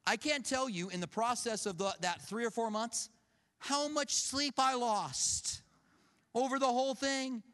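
A man's voice: extremely high pitch, measured pace. A man preaching a conversational sermon, telling personal stories and acting out what people said. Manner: storytelling, acts out quoted voices, animated. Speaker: pastor. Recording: long reverb of a large hall.

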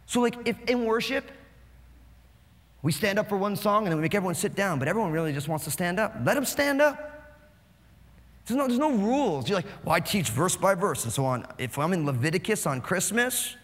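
A pastor from New Jersey preaching a sermon with fast, animated, joking delivery. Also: male voice, high voice. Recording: long hall reverb.

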